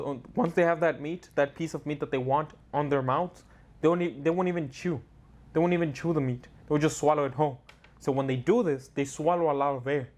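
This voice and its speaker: A man's voice: fairly high pitch, a little mellow. A man hosting a casual explainer show, chatty and joking, often restarting his sentences. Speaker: host.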